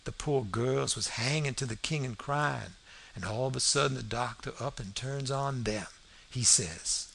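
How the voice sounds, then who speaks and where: A man narrating a classic novel as an audiobook in a folksy, steady storytelling manner. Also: medium pitch, unhurried, gravelly, slight background noise. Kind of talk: scripted narration.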